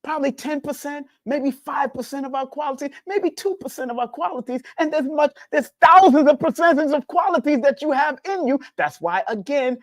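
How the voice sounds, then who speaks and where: A man giving a casual spiritual talk as a numerology teacher, preachy and repetitive, swinging his pitch up and down. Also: moderate pace, few pauses, dry recording, studio quality.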